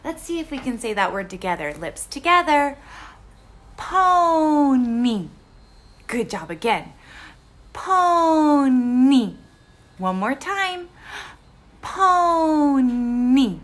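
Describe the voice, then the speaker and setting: A woman's voice: sits high, big pitch swings, extremely slow. A woman speech therapist leading a word practice lesson for young children, talking in an exaggerated, encouraging sing-song with frequent gasps and carefully modeled words.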